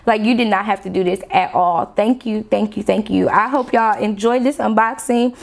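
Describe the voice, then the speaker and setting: A planner vlogger gushes through a casual unboxing chat at her desk, excitable and addressing viewers as "y'all." Her mid-range voice is gravelly, at normal speed with hardly any pauses, picked up by a desk camera mic while she's off camera.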